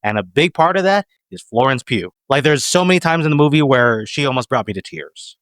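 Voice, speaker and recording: A man's voice: mid-range voice, brisk, dry recording. A man co-hosting a podcast, chatting casually and giving strong opinions, sometimes restarting his sentences. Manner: animated, opinionated, trails off with restarts. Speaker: podcast co-host. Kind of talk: casual chat.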